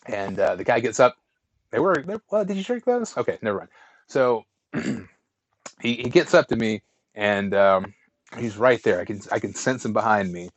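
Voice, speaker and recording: In casual storytelling as a podcast co-host, a man spins a long, rambling tale full of restarts, fillers, and animated retellings. His voice sits fairly low and moves at a moderate pace, captured as dull audio without echo.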